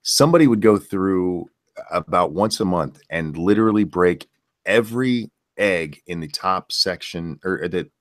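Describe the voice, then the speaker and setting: Deep-voiced man ranting bluntly. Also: animated, measured pace. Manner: reads viewer questions aloud. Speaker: stream host. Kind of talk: casual live-stream chat.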